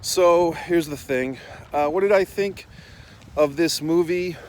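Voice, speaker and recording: A man's voice: on the high side, slow, darkish tone, poor audio. A middle-aged man hosting a casual, profane rant while walking outdoors. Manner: blunt, profane, rambling. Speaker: host.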